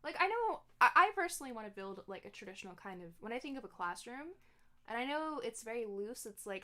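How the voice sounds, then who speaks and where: A chatty young woman streamer talks through her gameplay in a relaxed, casual way, giggling and often stopping to correct herself. Her voice sits fairly high for a woman. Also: a little fast. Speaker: gaming streamer.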